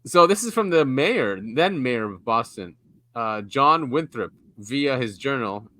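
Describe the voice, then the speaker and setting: A man's voice: medium pitch, lively intonation, a little slow, pushed and bright, no echo. Chatty male podcast co-host, dry close sound. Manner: rambling, chuckles often, reads articles aloud. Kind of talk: casual chat.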